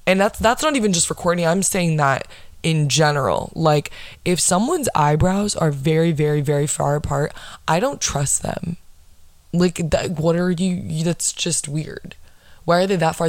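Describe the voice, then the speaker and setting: A woman vlogger telling a story in a blunt, profane, excitable way, casually recapping a show. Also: sits low, no echo.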